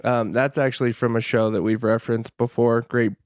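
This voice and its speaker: Man co-host, relaxed joker, smooth voice, medium pitch. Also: no echo, studio quality. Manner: relaxed, joking, quick laugh. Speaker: podcast co-host. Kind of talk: casual chat.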